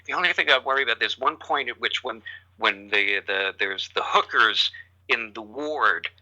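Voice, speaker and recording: A man's voice: mid-range voice, moderate pace, pushed and bright, low-quality recording. A man, a guest on a podcast, telling reflective anecdotes in casual chat. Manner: reflective anecdotes about acting in theater.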